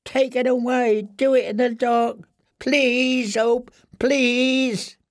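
A man voicing a starved, broken male prisoner who whimpers and begs in a thin, weak, squeaking voice, stammering with terror. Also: fairly even intonation, drawn-out words, a little mellow, dry recording, clean studio sound, full character voice. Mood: begging, terrified.

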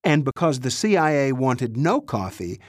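A middle-aged man narrates a novel in a measured, unhurried voice. His pitch sits in the middle of the male range. The sound is close and dry with no room around it. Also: very animated, no echo. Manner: measured, dry storytelling with lightly voiced characters. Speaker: audiobook narrator. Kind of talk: scripted narration.

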